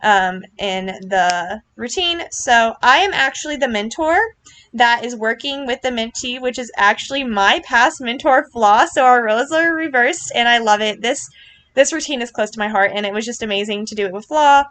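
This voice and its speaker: A woman giving casual reaction commentary on a video, gushing and earnest, with lots of fillers and quick apologies. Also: a little high, fairly bright tone, slight background noise. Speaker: vlogger reacting to her club's riding routine.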